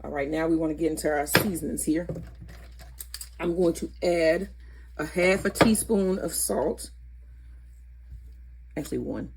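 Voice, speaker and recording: A woman's voice: low-pitched, unhurried, gravelly, long pauses, background noise. A woman hosting a casual cooking vlog in her home kitchen, chatty and correcting herself as she goes. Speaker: cooking channel host.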